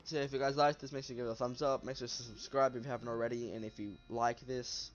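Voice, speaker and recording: A man's voice: medium pitch, fairly even intonation, fast. A man hosting a let's play, playfully reading game text aloud and commenting as he goes. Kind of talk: gameplay commentary. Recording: dull lo-fi audio, faint music.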